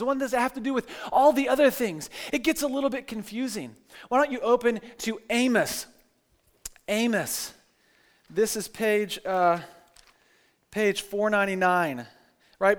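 Man, high voice, casual sermon, pastor, conversational, acted-out quotes, restarts and asides. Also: normal speed. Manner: animated storytelling with acted-out quotes.

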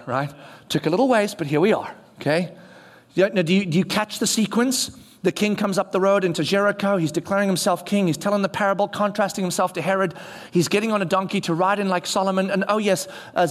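A man preaching a sermon, telling the story in an animated way and acting out voices of the people in it. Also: sits high. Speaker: pastor.

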